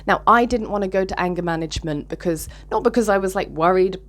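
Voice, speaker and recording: A woman's voice: medium pitch, fast talker. A candid woman talks straight to camera in a loose, reflective vlog monologue. She speaks openly and emotionally about her feelings and swears freely as she thinks aloud. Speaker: vlogger.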